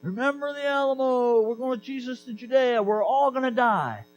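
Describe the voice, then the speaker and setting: A man's voice: very high-pitched, normal speed, muffled recording, soft background music, voice pushed up. A man voicing a gung-ho male follower who brashly declares they will all die together. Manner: brash, fatalistic bravado.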